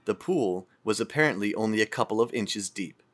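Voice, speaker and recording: Calm man reading a storybook aloud. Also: on the low side, brisk, faint music behind. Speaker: audiobook reader. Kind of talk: storybook narration.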